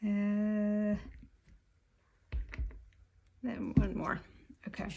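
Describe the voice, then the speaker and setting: Slow, low-voiced woman musing while painting. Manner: musing aloud to herself while she works. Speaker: artist. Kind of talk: casual commentary while painting. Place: home art table. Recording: clear clicking noise behind.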